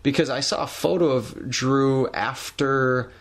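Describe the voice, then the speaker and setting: A male podcast co-host chats casually in a measured, hedging way. His voice has a gravelly, creaky texture at a middling pitch. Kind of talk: casual chat.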